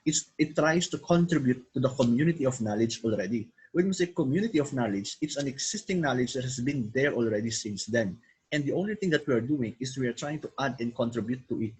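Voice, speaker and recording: A man's voice: medium pitch, animated, quick pace, darkish tone, slightly rough, rough recording. A man, teaching a recorded online lesson and piling up synonyms as he explains. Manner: repetitive, piles up synonyms, code-switches into Tagalog.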